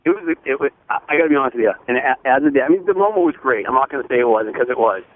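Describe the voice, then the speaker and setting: A man eagerly telling a proud story as a phone-in guest, earnest and rushing, restarting his sentences. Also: mid-range voice, expressive, no room sound. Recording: tinny phone line with faint noise.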